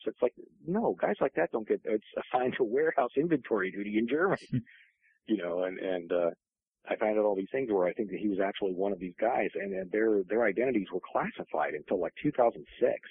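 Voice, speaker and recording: A man with a very low, gravelly voice tells long family stories, circling back with restarts and fillers. His voice comes through a tinny phone line, dry and close. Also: dry recording. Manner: rambling, many restarts and fillers. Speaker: guest author. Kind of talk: casual storytelling interview.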